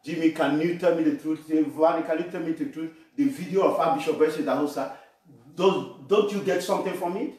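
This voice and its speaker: A man from Nigeria preaching a sermon with animation, shouting and laughing as he addresses the congregation. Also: a little high, a little fast. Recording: echoey room, voice from far off.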